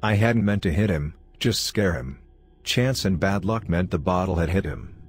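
A man narrating a horror story in a steady, confessional telling. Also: low voice, moderate pace, husky, faint music behind.

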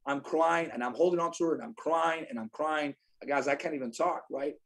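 A man tells stories at a rapid clip in a slightly husky, fairly high voice. He swings between hushed, somber stretches and loud, emphatic bursts. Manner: fast, emphatic, swings between quiet sorrow and loud energy. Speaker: podcast guest, insurance agent. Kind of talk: animated storytelling.

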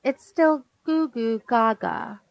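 A woman's voice: a little high, slow pace, vocal fry, no room sound, poor audio. A woman voicing a bossy, demanding little girl in a storybook reading. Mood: sweet. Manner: insistent, complaining, bossy.

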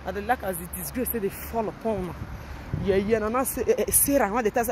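A woman with a Nigerian Pidgin English accent walks along a road and vlogs into her phone, taunting her rivals in a mocking, repetitive way. Her voice jumps from calm to loud. Clear outdoor noise runs under the whole recording. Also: medium pitch, fast. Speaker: vlogger. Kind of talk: outdoor gossip vlog.

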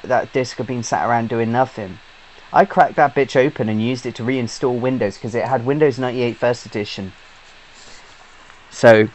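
A man's voice: medium pitch, low-quality recording. A British man, a YouTube gamer, giving a casual rambling update, chatty and swearing freely with lots of fillers and restarts. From Britain.

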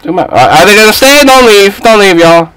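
A man giving live commentary over a basketball video game, excitable and trash-talking his teammates. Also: sits high, normal speed, clear, resonant tone, no room sound, low-quality recording. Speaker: gaming YouTuber.

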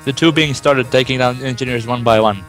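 A man's voice: mid-range voice, fast talker, a bit bright, faint music behind. Young man amused reading fan fiction aloud. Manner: amused, laughing asides and comments. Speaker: reader.

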